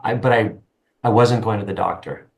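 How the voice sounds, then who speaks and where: A middle-aged man, a guest in an interview, speaking earnestly with halting restarts. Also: fairly low pitch, fairly even intonation, vocal fry. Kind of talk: conversational interview.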